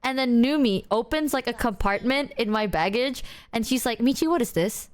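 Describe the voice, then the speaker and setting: A woman streamer reacting to clips in casual stream chat, swearing freely while she tells an animated anecdote. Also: on the high side, moderate pace.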